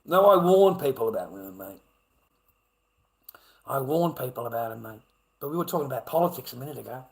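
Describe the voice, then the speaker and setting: An Australian man ranting off the cuff on a livestream, swearing a lot and repeating himself, moving from low muttering to shouting. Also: lively intonation, brisk, creaky, rough recording. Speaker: livestream ranter. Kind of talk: profane off-the-cuff rant.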